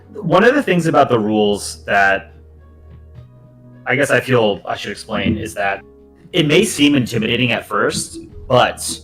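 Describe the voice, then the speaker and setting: A man co-hosting a livestream, a comic artist explaining things in a relaxed way. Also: mid-range voice, poor audio. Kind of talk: casual livestream chat.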